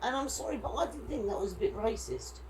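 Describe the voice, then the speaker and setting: A woman's voice: on the high side, expressive, fast talker, background noise. A woman telling a travel story in a casual vlog chat, quoting people as she goes. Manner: chatty, indignant retelling with quoted dialogue. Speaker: vlogger.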